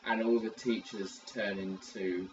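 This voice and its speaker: A man's voice: on the low side, fairly even intonation, unhurried, soft background music. A man co-hosting a casual podcast chat, rambling and joking as he talks. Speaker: podcast co-host. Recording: distant mic, dull sound, faint hiss.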